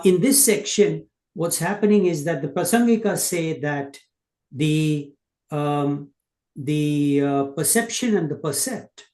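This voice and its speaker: A man's voice: a little high, a little mellow, roomy sound. A man asking a question in a class discussion, hesitant and full of fillers and broken-off words. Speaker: student.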